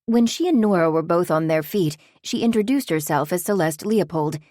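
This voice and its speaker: A woman narrating a novel in a steady, even audiobook reading. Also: lowish voice, moderate pace, dry recording, studio quality.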